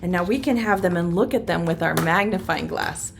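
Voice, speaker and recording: A woman teaching a virtual preschool circle time, speaking in a slow, sing-song, encouraging way to young children. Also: on the low side, background noise.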